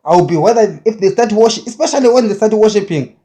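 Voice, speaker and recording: A man, a self-described prophet, preaching in a forceful, repetitive way that hammers short phrases again and again. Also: high voice, lively intonation, quick pace. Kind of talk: impassioned preaching monologue.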